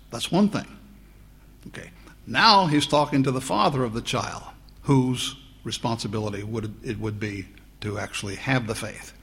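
A man preaching a sermon, teaching slowly through Bible verses and lifting his voice on the quoted lines. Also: medium pitch, fairly bright tone, breathy edge. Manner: slow, deliberate Bible teaching with rising emphasis on quotes.

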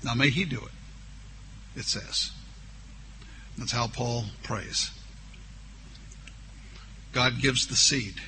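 A man's voice: mid-range voice, fairly even intonation, bright, forceful tone, a little hiss or hum. A man preaching a sermon, reading scripture aloud, drawing out key words and voicing the objections his listeners might raise. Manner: slow, drawn-out emphasis on key words; voices imagined objections from listeners.

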